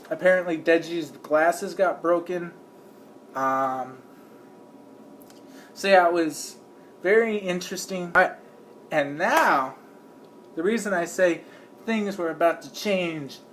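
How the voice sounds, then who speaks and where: A man with a somewhat high voice rambles through casual commentary, leaning on fillers. He breaks into quick impressions of the people he talks about. A faint hum of noise sits behind him. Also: fairly bright tone. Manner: acts out the people he describes. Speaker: video creator.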